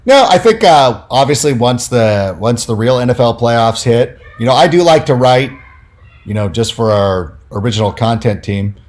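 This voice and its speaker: Chatty man telling animated stories. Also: mid-range voice, moderate pace. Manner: animated, filler-heavy, acts out quoted people. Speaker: podcast guest, fantasy football analyst. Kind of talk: casual storytelling.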